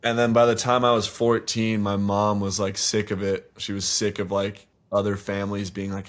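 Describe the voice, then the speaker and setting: Brief: twenties guy guesting on a studio podcast, low voice, loose profane storytelling. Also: monotone, normal speed, few pauses. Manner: rambling, swear-heavy storytelling. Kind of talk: casual podcast interview.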